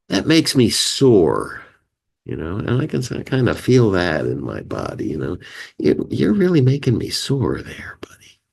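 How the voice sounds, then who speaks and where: This man's voice is low-pitched and gravelly. He's a meeting host and life skills teacher leading a community meeting on feelings, speaking conversationally with many "you know"s and "right"s and animatedly acting out emotion words through gasps and sighs.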